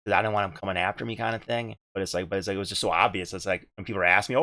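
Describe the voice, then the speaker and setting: A man's voice: low voice, steady tone, very fast, hardly any pauses, sharp tone, no echo. A man hosting a casual gaming podcast, rambling and repeating himself, with casual swearing. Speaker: podcast host and streamer.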